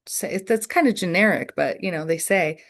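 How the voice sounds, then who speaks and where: A woman leading an online poetry workshop, answering questions slowly and thoughtfully with many fillers. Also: fairly low pitch.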